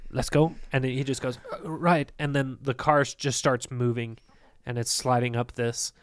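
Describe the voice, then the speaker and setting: A man's voice: mid-range voice, little pitch movement, moderate pace, smooth, dry recording. Laid-back male game master, dry sound. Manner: rambling, hesitant, laughs often. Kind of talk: narrating a tabletop game.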